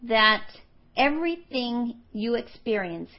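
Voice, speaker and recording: A middle-aged woman teaching a women's Bible study, earnest and slowing down to stress her key questions. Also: on the high side, animated, highs cut off.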